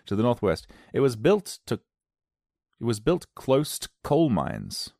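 Man with a lively sarcastic ramble. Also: medium pitch, slow, vocal fry, no echo, clean studio sound. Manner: sarcastic, playful, riffing. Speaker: solo comedy podcaster. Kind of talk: rambling comic monologue.

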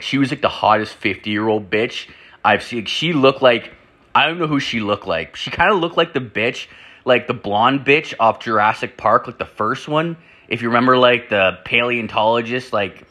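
Rambling, profane man with a bright voice. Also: mid-range voice, moderate pace. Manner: rambling, profane, full of "like" fillers; animated, jumps into acted-out quotes. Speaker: podcast host. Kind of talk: crude casual storytelling.

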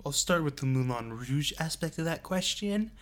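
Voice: mid-range voice, animated, normal speed. A podcast co-host in casual chat, making sarcastic, profane jokes with laughing asides.

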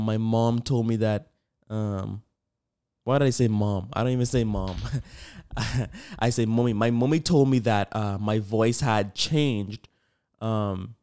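Smooth-voiced young man hosting a podcast. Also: on the low side, warm tone. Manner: upbeat, chatty and rambling. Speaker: podcast host. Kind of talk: casual solo podcast chat.

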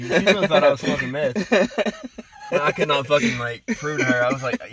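A man co-hosting a casual podcast, swearing freely and getting loud while he tells stories. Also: mid-range voice, fast talker, crowd noise. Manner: loud swearing storyteller, puts on voices for jokes. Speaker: podcast co-host.

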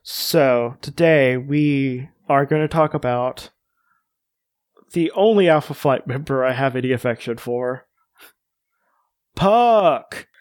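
A man hosts a casual podcast conversation. He talks in a chatty, joking way, full of "like" and fillers. The mid-pitched voice sits close and dry on the mic. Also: takes it slowly, pauses often, no echo. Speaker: podcast host. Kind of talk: casual chat.

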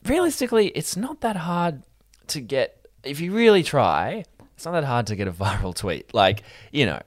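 A man's voice: moderate pace, no room sound, clean studio sound. A young man chatting on a podcast, telling stories with swearing and mocking voices. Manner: animated storyteller, swearing, bursts into high mocking voices. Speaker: podcast co-host. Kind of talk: casual chat.

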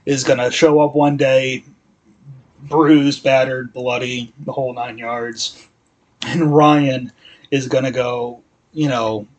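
A man's voice: mid-range voice, breathy edge, low-quality recording. A man co-hosting a podcast, rambling through a casual recap with fillers and acted-out dialogue. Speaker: podcast co-host. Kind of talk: casual chat recapping a TV episode.

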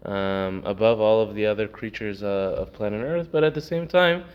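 His voice is on the low side and smooth, at a normal speed. In a casual Torah class, he tells stories with lots of fillers, acting out the people involved, captured in a dull, lo-fi recording with faint noise.

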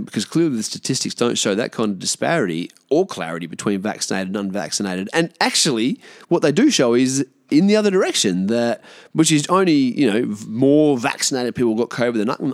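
A man's voice: medium pitch, gravelly, no echo, clean studio sound. An Australian man hosting a solo podcast, ranting in a blunt, sweary, frustrated way. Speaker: podcast host.

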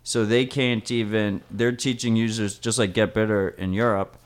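A man with a low voice co-hosting a podcast in casual chat. He explains points at length and leans on the word "like" as a filler. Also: level tone, moderate pace. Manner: explains at length, uses "like" often. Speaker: podcast co-host.

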